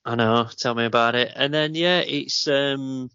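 A man's voice: mid-range voice, fairly even intonation, measured pace, vocal fry, sharp tone, smooth, no echo. A man with a Northern English accent hosting a podcast, telling a long, rambling story in casual chat. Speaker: podcast host. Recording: dull lo-fi sound.

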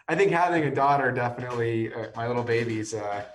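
A man's voice: mid-range voice, fast talker, roomy sound, recorded from a distance, slight background noise. A man in his thirties, a guest on a podcast, talking casually and rambling with many restarts; he sounds tired and is losing his voice. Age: 30s. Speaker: whiskey company guest.

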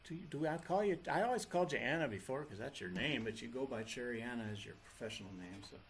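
A man's voice: medium pitch, animated, fast, a little hiss or hum. A man who is a folk rock singer, chatting loosely between songs at a live show, with frequent restarts. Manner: loose, meandering, many restarts. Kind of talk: rambling stage chat between songs. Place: live venue with an audience. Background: acoustic guitar playing.

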